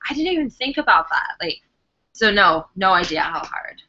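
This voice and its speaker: A woman's voice: mid-range voice, very animated, moderate pace, a crowd in the background. A young woman co-hosting a casual live chat, bubbly and giggly as she reads out viewer questions. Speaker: co-host. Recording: dull lo-fi webcam audio.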